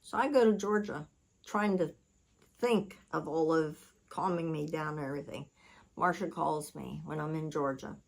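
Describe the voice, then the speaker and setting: A woman's voice: low-pitched, moderate pace, creaky, low-quality recording. A woman hosting her own channel, telling a long story in casual chat while she cooks. She rambles, corrects herself mid-sentence, and uses blunt, salty words. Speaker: channel host.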